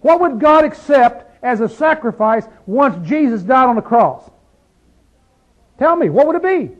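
A man teaching a Bible study like a sermon, fervent, firing rhetorical questions and dropping from loud to hushed. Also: very high voice, animated, unhurried, muffled recording.

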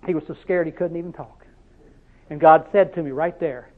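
Male preacher, high-pitched, tinny lo-fi recording; folksy sermon full of rhetorical questions. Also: fairly even intonation, a little fast. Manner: drives points home with repeated "See?" questions; storytelling, conversational.

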